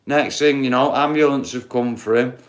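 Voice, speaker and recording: A man's voice: medium pitch, steady tone, moderate pace. A man with a Yorkshire accent hosting a livestream, telling rambling, sweary stories and chatting to his viewers. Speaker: livestream host.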